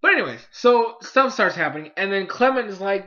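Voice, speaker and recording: A young man casually reviewing a cartoon episode, excitable and rambling with lots of fillers. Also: very high voice, fairly quick, highs cut off. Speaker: YouTube anime reviewer.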